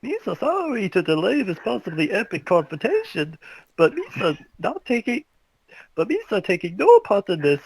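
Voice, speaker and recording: A man voicing a quirky young man who refers to himself oddly, reading in an amateur group script reading with eager, halting delivery. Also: sits high, huge pitch swings, gravelly, breathy edge, no room sound, exaggerated voice, poor audio. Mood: pleading.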